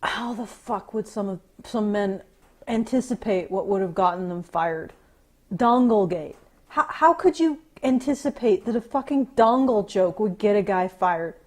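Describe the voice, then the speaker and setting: Her pitch is medium and her intonation lively, and she takes her time. She's a podcast co-host whose casual rant is sarcastic and profane, and she keeps halting to restart her commentary.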